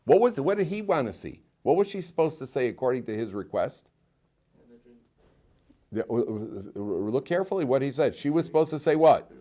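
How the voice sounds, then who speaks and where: A man, a rabbi teaching a lively class and telling stories, laughing often and repeating himself. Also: mid-range voice, moderate pace.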